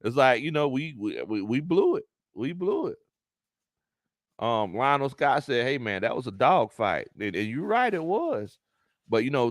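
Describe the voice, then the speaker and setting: A man's voice: medium pitch, dry recording, clean studio sound. A man with a Southern US accent hosting a casual sports livestream, reading chat comments aloud, repeating himself and laughing often. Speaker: sports talk show host reading live chat.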